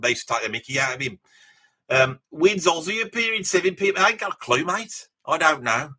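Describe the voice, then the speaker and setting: A man's voice: fairly high pitch, sing-song, fairly quick, bright, forceful tone, slightly rough, full character voice. A man playing a boastful, rambling Birmingham bloke with a Birmingham accent, chatting with viewers on a live stream in character. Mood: rambling chat. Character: boastful middle-aged Birmingham bloke, rambling name-dropper. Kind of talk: in-character live reaction chat.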